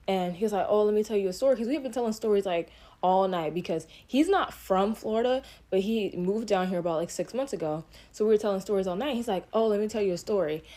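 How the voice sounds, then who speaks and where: Animated young woman telling a storytime. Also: mid-range voice. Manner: animated, slangy, exasperated retelling. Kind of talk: casual storytime. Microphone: phone.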